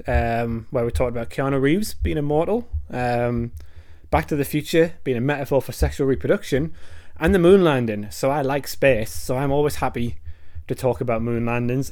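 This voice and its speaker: A man looks back on old podcast episodes, relaxed and a little hesitant, with plenty of ums. His voice is at an ordinary pitch for a man. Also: normal speed, few pauses. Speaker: podcast co-host. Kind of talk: recapping past episodes.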